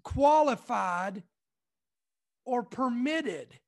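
A young man from Kentucky reading out news items and commenting on them emphatically, often repeating points slowly for effect. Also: very high-pitched, lively intonation. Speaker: online commentary host.

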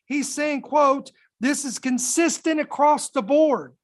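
A woman podcast host reading news quotes aloud and commenting on them, with slow, deliberate emphasis and dramatic pauses. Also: high-pitched.

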